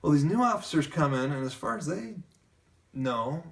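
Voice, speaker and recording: A man's voice: on the high side, normal speed, creaky, recorded from a distance. A man telling a personal story in casual conversation, acting out what other people said along the way. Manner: lively narrator who keeps acting out quoted dialogue.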